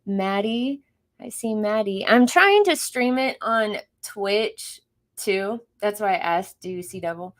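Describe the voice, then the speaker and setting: Chatty woman, casual home livestream, mid-range pitch. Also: lively intonation, takes it slowly. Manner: chatty, greets viewers, laughs often. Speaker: livestream host.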